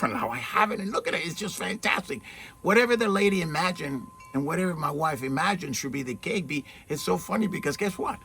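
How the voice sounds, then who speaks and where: A man's voice: sits high, animated, brisk, a bit bright. A man giving an earnest, informal spiritual talk outdoors in the shade. He often asks rhetorical questions and checks in with "okay?". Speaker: spiritual teacher. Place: outdoors in the shade at his home, with trees and mountains. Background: faint outdoor ambience with birds and wind chimes.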